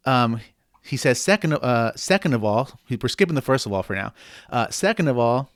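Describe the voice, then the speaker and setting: A man's voice: mid-range voice, expressive, fairly quick, no room sound, clean studio sound. A man co-hosting a casual podcast, reading out a listener email with bro-ish jokes. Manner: joking, bro-ish banter. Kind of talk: casual chat.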